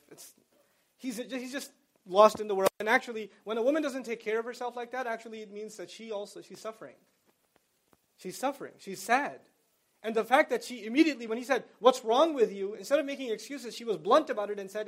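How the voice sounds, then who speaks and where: High-voiced man giving a casual lecture. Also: a little fast. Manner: conversational, explains terms in plain slang. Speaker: Islamic lecturer. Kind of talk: lecture to college students.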